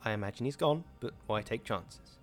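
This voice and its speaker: A man voicing a grim, steady husband who gives quiet, firm orders. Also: mid-range voice, normal speed, soft background music, natural voice.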